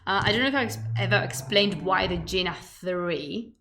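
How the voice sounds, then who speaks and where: A woman's voice: medium pitch, normal speed, gravelly, a bit bright. Chatty playful woman, native Spanish speaker. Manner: chatty, playful and digressive, with emphatic asides. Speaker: streamer and history host. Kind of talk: casual chat leading into a history lecture.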